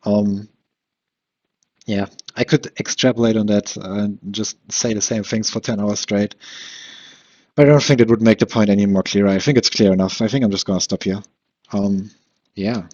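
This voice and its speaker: A man's voice: on the low side, steady tone, normal speed, long pauses, darkish tone. A man hosting a solo podcast, rambling through a frustrated, self-questioning monologue full of restarts and short laughs. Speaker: podcast host. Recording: dull lo-fi recording.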